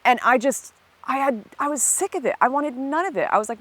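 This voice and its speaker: A woman's voice: high-pitched, lively intonation, brisk, a bit bright. A woman, a former political activist, telling her own story in an earnest, emphatic way with frequent restarts. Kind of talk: personal storytelling monologue.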